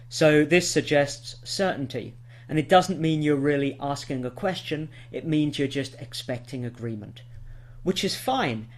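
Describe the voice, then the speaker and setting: A man teaching an English lesson, patiently explaining grammar and reading out example sentences. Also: on the high side. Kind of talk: scripted lesson to camera.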